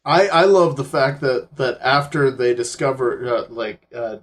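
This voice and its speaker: A man's voice: mid-range voice, measured pace. A man co-hosting a podcast, chatty and amused as he discusses a film. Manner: chatty, laughs through his retelling. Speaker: podcast co-host.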